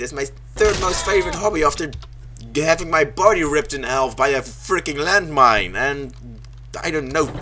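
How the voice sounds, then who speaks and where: A man's voice: fairly high pitch, a little hiss or hum. A young man, not a native English speaker, doing sarcastic let's play commentary, cursing and yelping at the game. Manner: sarcastic, swears a lot, yelps and shouts at the game. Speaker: gaming commentator.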